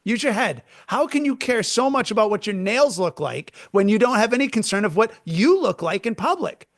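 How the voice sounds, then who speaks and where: Brief: male podcast co-host, high-pitched voice, animated comedic ranter who trips over his words. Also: brisk, no echo, studio quality. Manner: animated, excitable storyteller with stammering restarts. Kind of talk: comedic rant.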